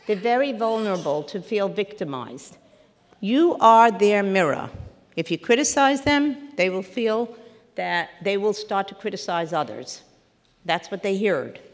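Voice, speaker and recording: A woman therapist giving a parenting lecture to a live audience, animated and acting out little scenes as she teaches. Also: mid-range voice, long reverb tail. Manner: animated, acts out little scenes with quoted voices.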